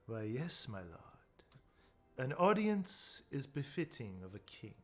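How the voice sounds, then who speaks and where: Man voicing a sphinx, male, fawning, formal, scheming, tabletop game, mid pitch. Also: very animated, slow.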